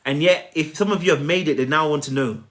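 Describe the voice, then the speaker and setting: A man coaching viewers on a live stream in a preachy, animated way, often checking in with "right?". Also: on the high side, quick pace. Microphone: phone.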